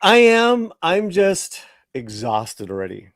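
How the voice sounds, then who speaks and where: A man's voice: high-pitched, huge pitch swings, slow pace, a bit bright, no echo, clean studio sound. A man hosting a casual talk show, chatting enthusiastically and loosely. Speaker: podcast host.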